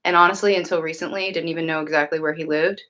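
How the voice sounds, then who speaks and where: This livestream host and tarot reader speaks fast in a low, steady, fairly bright voice. Chatting casually with viewers and answering their questions, she's earnest yet rambling, with many fillers and false starts.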